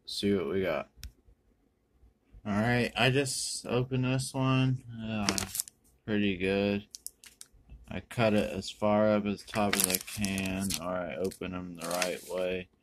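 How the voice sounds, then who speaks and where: A man rambling through a pack opening, correcting himself and using many ums and uhs, with sudden bursts of excitement. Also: lowish voice, slow, noisy background. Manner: bursts of excitement over good pulls. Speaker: card-opening video host. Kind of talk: casual pack-opening commentary.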